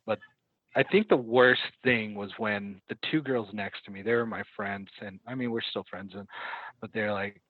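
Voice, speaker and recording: A man telling a story in casual conversation as a podcast guest, halting and correcting himself as he goes, acting out what people said. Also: on the low side, no echo. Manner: halting, self-correcting retelling with quoted dialogue. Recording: dry, tinny phone-like line.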